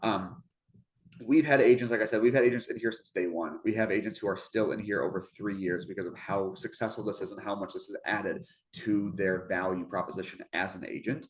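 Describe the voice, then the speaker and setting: A man's voice: lowish voice, steady tone, fairly quick. A man presenting an informational webinar over a video call, talking earnestly and conversationally with many restarts. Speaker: webinar presenter for a marketing program.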